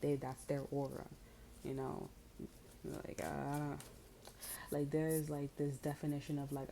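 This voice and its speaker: A woman with a low, mellow voice gives a loose, chatty tarot reading. She is blunt and swears freely, and her talk is full of fillers. A faint noise sits underneath. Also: completely flat delivery, unhurried, vocal fry, long pauses, rough recording. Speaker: tarot reader.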